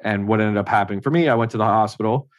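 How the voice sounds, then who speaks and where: An interview guest from Ontario, Canada, a man with a fairly low voice, talks very fast with no echo. He tells personal stories casually, often acting out what other people said and saying "like" a lot.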